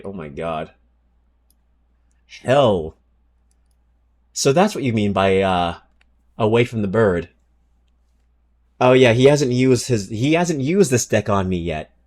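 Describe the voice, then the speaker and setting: Animated, cursing male streamer. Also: lowish voice, slow pace, pauses often. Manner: animated, swears freely, reacts to chat and reads card text aloud. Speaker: streamer chatting with viewers. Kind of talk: casual livestream chat.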